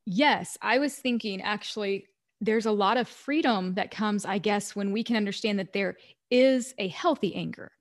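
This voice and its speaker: Woman podcast host, affirming and reflective, steady mid-range voice. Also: medium pitch, normal speed. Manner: affirming, frequent mm-hmms, reflective questions. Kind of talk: podcast interview.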